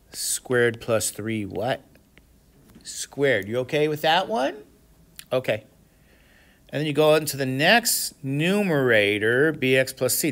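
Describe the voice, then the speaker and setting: A man teaching a classroom lecture who keeps asking the class questions to check they follow, with sudden animated exclamations. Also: on the high side. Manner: asks the class frequent questions, checking understanding. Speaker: math instructor.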